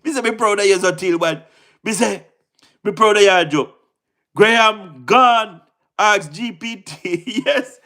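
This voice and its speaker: A woman's voice: medium pitch, measured pace, sharp tone. A woman with a Jamaican accent giving emphatic political commentary on her channel, repeating phrases and laughing often. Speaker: YouTube commentator.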